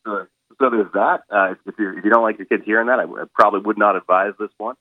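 A man with a very low voice talks over a narrow, tinny phone line, and the sound is dry and close. He speaks casually and haltingly, filling his pauses with ums and restarting his sentences as he explains his stage show. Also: steady tone, no room sound. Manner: halting, lots of fillers and restarts. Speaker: stage performer interviewed as a guest.

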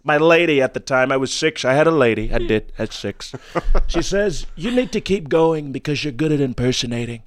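A male comedian chatting animated and loose as a guest, slipping into impressions now and then. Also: mid-range voice, a little fast, no echo. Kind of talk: casual interview chat.

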